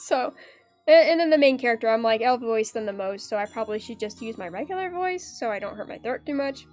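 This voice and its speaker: Chatty high-voiced young woman streamer. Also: expressive, fairly quick, soft background music. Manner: chatty, rambling, many fillers. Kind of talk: casual game commentary.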